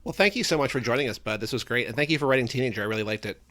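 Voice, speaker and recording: A man's voice: mid-range voice, very fast, very noisy. A man co-hosting a podcast in casual chat, wry and steering the wrap-up. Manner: wry, wraps up the show. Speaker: podcast co-host.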